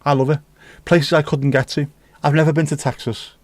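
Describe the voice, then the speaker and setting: A man's voice: fairly high pitch, level tone, brisk, no echo. Chatty man, dry close sound. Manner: chatty, teasing, sweary banter. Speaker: livestream host. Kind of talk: casual chat reading viewer comments.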